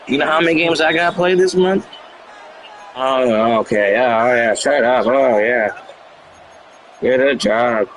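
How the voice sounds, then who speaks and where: During a live game stream, a man with a mid-range voice trash-talks an online opponent, mocking and sarcastic, repeating his jabs again and again. He speaks a little slowly with long pauses, and the low-quality recording carries a loud game crowd.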